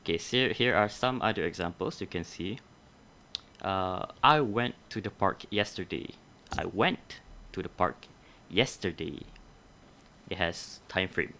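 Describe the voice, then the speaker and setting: A young man giving a practice grammar lesson, calm and methodical, walking through examples step by step and fixing his own slips. His voice sits low, with faint hiss behind it. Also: measured pace. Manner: methodical, explains step by step, corrects himself. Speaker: teacher. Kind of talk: micro-teaching grammar lesson.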